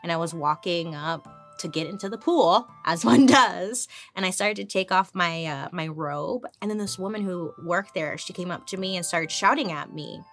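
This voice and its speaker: A woman's voice: lowish voice, normal speed, a bit bright, soft background music. A woman in her thirties hosting a history podcast, chatty and irreverent, swearing casually as she tells the stories. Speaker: podcast host.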